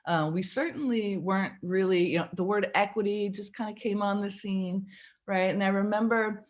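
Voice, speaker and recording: A woman's voice: medium pitch, fairly even intonation, normal speed. A woman college English instructor giving a candid, conversational webinar presentation over a video call, reflecting on her own teaching with frequent fillers.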